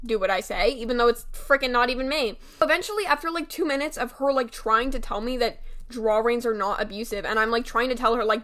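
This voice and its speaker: A teenage girl ranting through a storytime vlog. Her voice sits a little high and sounds very bright and forceful. She swears freely and scatters "like" between her words. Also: brisk. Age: teens. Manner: heated, swearing, lots of "like" fillers. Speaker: storytime vlogger. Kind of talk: casual storytime rant.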